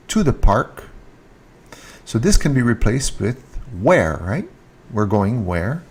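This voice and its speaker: A man giving a casual French lesson, speaking slowly, repeating each French word and stressing it, recorded on a handheld mic. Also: medium pitch, a little mellow, slightly rough. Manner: slow, repeats French words with rising emphasis. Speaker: French teacher. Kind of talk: casual online language lesson. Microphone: handheld mic with earphone monitor.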